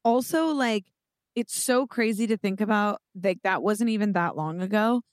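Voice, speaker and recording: A woman's voice: mid-range voice, normal speed, no echo, studio quality. A woman co-hosting a podcast, playful and chiming in often in casual chat. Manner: playful, lively, chimes in often. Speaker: podcast co-host.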